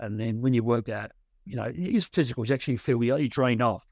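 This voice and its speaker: A man's voice: medium pitch, a little fast, dry recording, clean studio sound. A man, a coaching client, telling anecdotes in a rambling way with many restarts. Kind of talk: casual chat on a call.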